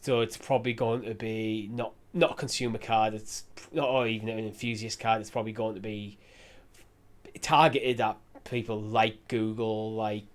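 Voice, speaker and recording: A man's voice: on the low side, fairly even intonation, moderate pace. A man co-hosting a gaming podcast in casual chat, easygoing, hedging with "like" and "um". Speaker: podcast co-host.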